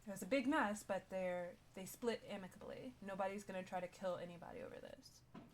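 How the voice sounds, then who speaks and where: A woman's voice: medium pitch, fairly quick, slight background noise. A woman in casual in-character roleplay chat, thoughtful and questioning.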